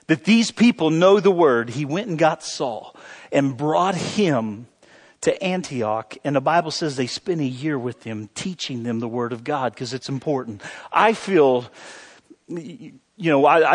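A male pastor preaching a sermon with animated, humorous storytelling. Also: a little high.

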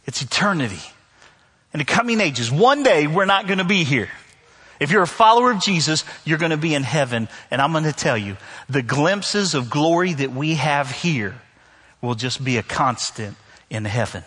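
A male pastor from the northern United States delivers a sermon with a slightly raised, husky voice. He keeps it conversational and wry, repeating key lines for emphasis. The sound carries a long reverb tail from a large church hall. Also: on the high side, expressive, normal speed, fairly bright tone. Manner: conversational preaching with humor and emphatic repetition. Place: church sanctuary.

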